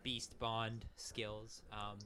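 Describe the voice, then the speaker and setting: A man's voice: lowish voice, completely flat delivery, extremely slow, pushed and bright, slight background noise. A young man playing a tabletop game with friends, eagerly explaining his plans with many restarts. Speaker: player. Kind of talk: casual tabletop role-play.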